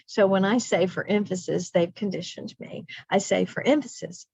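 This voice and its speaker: A woman's voice: fairly low pitch, measured pace, a little mellow, no echo. A middle-aged woman leading a teacher training lesson in a chatty way, repeating phrases for emphasis. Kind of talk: professional development lesson. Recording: dull lo-fi dry sound.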